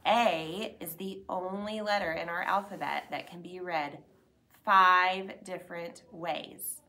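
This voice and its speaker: Low, gravelly-voiced woman teacher. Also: fairly even intonation, normal speed. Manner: upbeat, drawing out letter sounds to demonstrate them. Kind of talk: explanatory school announcement segment.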